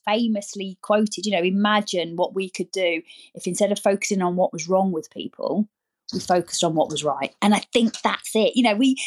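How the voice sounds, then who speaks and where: A woman, a nursery founder, chatting energetically as a podcast guest and repeating words for emphasis. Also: a little high. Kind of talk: casual interview chat.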